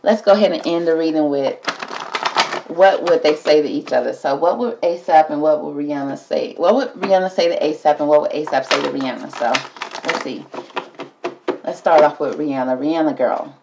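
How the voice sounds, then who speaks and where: Speaking at normal speed in a deep, gravelly voice, a woman hosts a casual tarot reading, talking to the cards and calling everyone "girl." The recording is muffled, with a noisy background.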